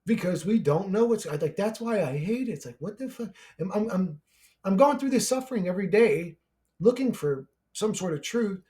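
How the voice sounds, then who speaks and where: A YouTuber rants angrily to camera about a conspiracy, profane and exasperated, his voice climbing until he's shouting. His voice is high-pitched with lively intonation at a moderate pace.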